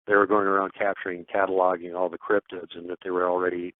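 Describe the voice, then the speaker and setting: Deep-voiced male radio host. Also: flat delivery, quick pace, dry recording. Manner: brief agreeing replies, plain questions. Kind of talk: casual talk. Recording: tinny phone-like sound.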